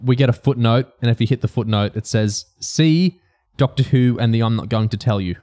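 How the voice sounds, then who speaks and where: A man's voice: mid-range voice, a little fast, mellow. A man co-hosting a podcast, discussing a book and reading passages from it aloud. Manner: reads quoted passages aloud between comments. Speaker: podcast co-host.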